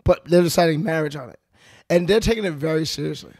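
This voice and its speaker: A man's voice: on the high side, fast talker, a little mellow. A man co-hosting a podcast, casually and agreeably recounting a dating show. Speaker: podcast co-host.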